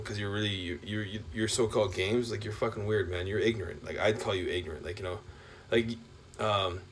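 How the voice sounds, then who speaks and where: A man talking in a rambling, profane monologue rant. He is full of filler words and swings between loud outbursts and low mutters. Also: a little hiss or hum. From Canada.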